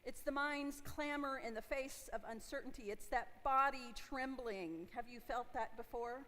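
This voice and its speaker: A woman's voice: high-pitched, normal speed, hardly any pauses, fairly bright tone. A woman in her forties, a pastor giving a conversational sermon and asking her congregation questions. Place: church sanctuary. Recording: long hall reverb from a church.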